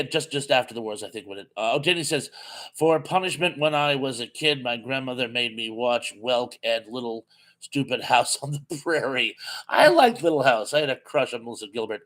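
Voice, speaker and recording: A man's voice: mid-range voice, fairly bright tone. A man hosting a live-streamed TV trivia quiz in a casual, chatty way, reading out viewer comments and laughing at his own jokes. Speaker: live show host running a TV trivia quiz.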